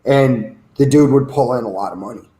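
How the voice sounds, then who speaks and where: A man's voice: medium pitch, a little fast, warm tone, reverberant, poor audio. A man co-hosting a casual chat, rambling through jokey stories. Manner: joking, rambling storyteller with restarts. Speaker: podcast co-host.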